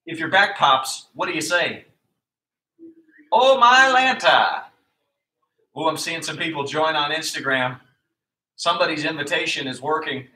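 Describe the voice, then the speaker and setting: A man leading a live kids' exercise class, calling out moves in an energetic, upbeat, nonstop patter while exercising along. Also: a little high. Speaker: kids' PE coach. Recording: echoey room sound.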